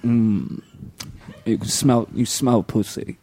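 A man voicing a spaced-out 1980s British rock star in a comedic impression, talking in a halting, rambling drawl. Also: lowish voice, dark tone, a little hiss or hum. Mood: dreamy. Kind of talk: comedic impression in casual chat.

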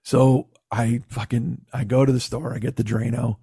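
A man's voice: medium pitch, level tone, normal speed, vocal fry, dark tone, slightly rough, no room sound, clean studio sound. A man casually telling a long, rambling, profane and self-mocking story to his co-host.

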